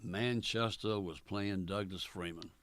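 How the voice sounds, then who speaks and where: An older man, a former college basketball coach, telling stories in an oral history interview in a folksy, unhurried way with many fillers, acting out the dialogue. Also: low-pitched, fairly bright tone.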